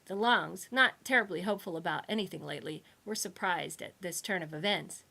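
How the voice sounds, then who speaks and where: A woman's voice: lowish voice, brisk, creaky, bright, forceful tone. A woman reading her own humorous sci-fi book aloud with wry, playful narration.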